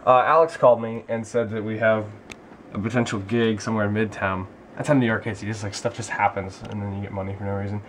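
A man's voice: lowish voice, flat delivery, fast talker, slight background noise. Swearing young man vlogging outdoors. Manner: joking, swears a lot. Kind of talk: casual vlog chat. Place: outdoors on a New York street.

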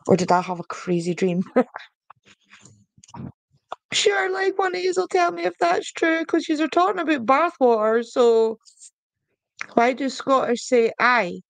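A woman's voice: a little high, creaky, dry recording. Giggly, chatty woman on a live stream. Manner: chatty, giggly and playful, bursts of laughter. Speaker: podcast host doing oracle card readings. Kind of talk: casual live-stream chat, reading comments and cards aloud.

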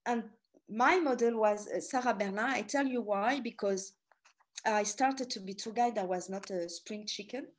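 A middle-aged woman from France with a French accent, telling stories in an animated, chatty presentation full of asides. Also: medium pitch, normal speed. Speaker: tour guide giving a talk. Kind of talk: storytelling presentation.

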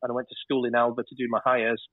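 A man's voice: mid-range voice, completely flat delivery, racing, dry recording. A man in his fifties with a northern English accent, talking candidly as a guest and swearing freely. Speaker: guest, television director. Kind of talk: casual interview storytelling. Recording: dry, phone-like muffled line.

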